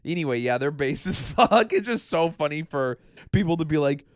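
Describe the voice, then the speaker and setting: A man co-hosting a podcast in casual profane chat, excitable and quick to throw in mock quotes. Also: a little high, dry recording, studio quality. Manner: excitable, swears a lot, lively mock quotes. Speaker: podcast co-host.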